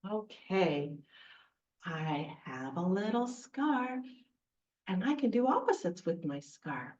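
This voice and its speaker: A woman running a children's storytime, reading a picture book and coaxing the kids to join in with a lively, sing-song manner. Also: mid-range voice, slow pace, highs cut off. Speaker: children's librarian.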